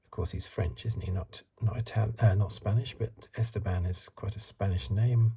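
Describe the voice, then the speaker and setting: Middle-aged male ASMR host, soft-spoken, low-pitched, very husky and breathy, close mic. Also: steady tone, moderate pace. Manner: soft-spoken, drifts into whispers, rambling asides.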